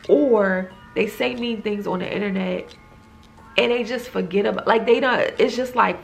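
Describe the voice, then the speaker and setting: A woman in a middle pitch with a gravelly, fry-edged voice, walking through a TV episode in a loose, chatty recap. She retells the scenes casually, leaning on "like" at every turn, with faint music underneath. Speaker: TV recap reviewer.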